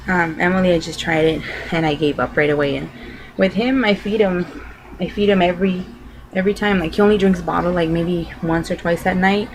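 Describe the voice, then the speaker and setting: A woman's voice: fairly low pitch, a little hiss or hum, poor audio. A young adult woman vlogging, telling a personal story to camera in a loose, rambling way full of filler words.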